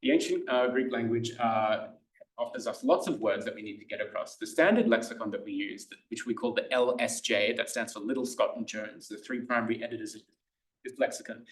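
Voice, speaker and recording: Casting: Australian male tutor, middle pitch, chatty and halting, recorded from across an echoey room. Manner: chatty, hesitant, many fillers and restarts. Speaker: Greek tutor giving a lecture. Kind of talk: informal lecture. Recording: roomy lecture room, mic at a distance.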